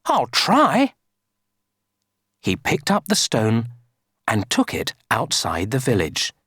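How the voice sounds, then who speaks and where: A woman reading a children's story aloud for an English lesson, slow and sing-song. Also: very deep voice, sing-song, breathy edge, no room sound, clean studio sound.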